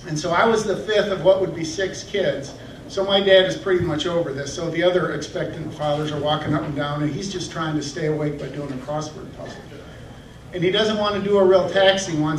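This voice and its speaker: A man from Michigan doing a self-deprecating stand-up comedy set in a comedy club, now and then jumping into high yelping voices. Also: a little fast, slight background noise. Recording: echoey club from a distant camera.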